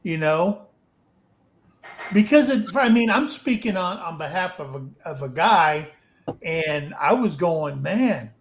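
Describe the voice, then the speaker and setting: A man's voice: high-pitched, roomy sound, low-quality recording. A man casually telling a frank, rambling story to a livestream audience, swearing now and then. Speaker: open mic storyteller.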